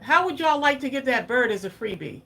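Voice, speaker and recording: A woman's voice: high voice, animated, a little fast, vocal fry, a bit bright. Picture a woman running a crafting livestream, chatting as she works. She keeps turning to her viewers for their opinions in a loose, easygoing flow. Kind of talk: casual livestream chat while crafting.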